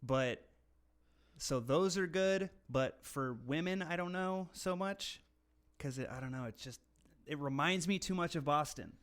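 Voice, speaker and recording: Casual male co-host, a touch high-pitched, loose and foul-mouthed, from California. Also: unhurried, fairly bright tone. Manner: rambling, swears freely, mimics accents for laughs. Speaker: podcast co-host. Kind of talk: casual profane chat.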